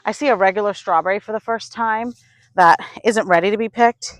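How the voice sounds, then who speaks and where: A woman from upstate New York talking to her camera while she tends her garden, sighing, hesitant and thinking out loud. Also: mid-range voice, a little fast, dry recording. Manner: sighing, hesitant, talks to herself while working. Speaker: gardening vlogger. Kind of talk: casual vlog narration. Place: outdoor garden.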